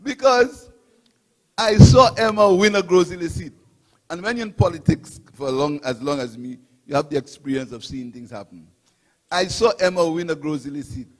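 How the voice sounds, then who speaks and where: A man's voice: on the high side, expressive, normal speed, in a large hall. A middle-aged man from Saint Lucia with a Saint Lucian accent, giving an impassioned rally speech as guest speaker with repetition and swings of emphasis. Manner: impassioned, repetitive oratory with rising and falling emphasis.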